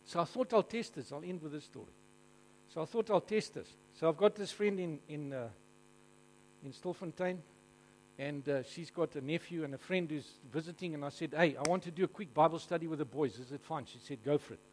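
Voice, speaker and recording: A South African man preaching from the front of a congregation, his voice sitting noticeably high for a man. He tells his stories with humour and keeps drawing the crowd in with questions. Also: brisk, a little hiss or hum, low-quality recording. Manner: animated and jokey, asking the audience questions. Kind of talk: storytelling sermon to a live congregation.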